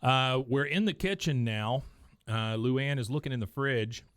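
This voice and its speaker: A man's voice: medium pitch, a bit bright, clean tone, dry recording, clean studio sound. A man hosting a podcast, casually retelling cartoon scenes and acting out the characters' lines. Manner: acts out characters' lines in quick voices. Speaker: podcast host recapping episodes.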